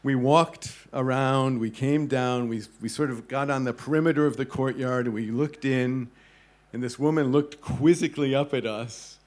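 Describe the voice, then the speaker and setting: A man giving a talk to an audience, telling a travel story with lively pacing and acting out the voices of people in it. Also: mid-range voice. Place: club event hall.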